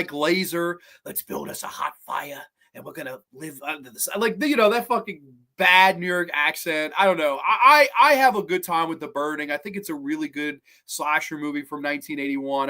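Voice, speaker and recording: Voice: medium pitch, brisk, pushed and bright. A podcast host chatting casually on a livestream, blunt and profane, rambling through opinions and answering viewers. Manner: rambling, with frequent restarts and trailing asides. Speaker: podcast host ranking horror films.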